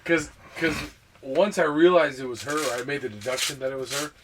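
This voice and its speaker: A man's voice: mid-range voice, a little fast, background noise. A man co-hosting a podcast in casual chat, rambling with many restarts as he makes his points. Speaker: podcast co-host.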